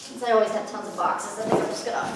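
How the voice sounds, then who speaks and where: A young woman from Louisiana, excitedly unboxing a package and gushing and gasping in delight. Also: mid-range voice, fast, heavy background noise. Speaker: vlogger. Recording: echoey room, from a distance.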